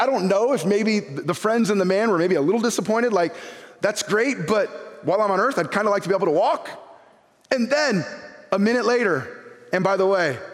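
A man preaching an animated sermon as pastor, reading scripture aloud and acting out the people in it. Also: sits high. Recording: long hall reverb.

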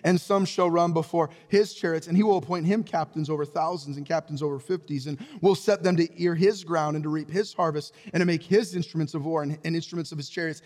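A man preaching a sermon as pastor, calling out to the congregation and swinging between booming exhortation and low, earnest tones. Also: fairly even intonation, quick pace, hardly any pauses, a little mellow. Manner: preaching with call-and-response to the congregation. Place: church sanctuary. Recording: hall reverb.

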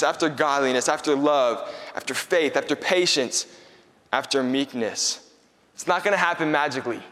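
A young man preaching a sermon in a conversational, energetic way, acting out his own stories for the room. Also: a little high. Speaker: pastor. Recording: long hall reverb.

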